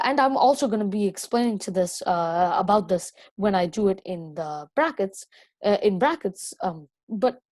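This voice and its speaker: A woman talks through a coding lesson in a loose, rambling way, full of "um"s and restarts. Her voice sits at a middle pitch, recorded close and dry with no room sound. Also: a little mellow, dry recording. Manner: rambling, many fillers and self-corrections. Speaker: coding tutor.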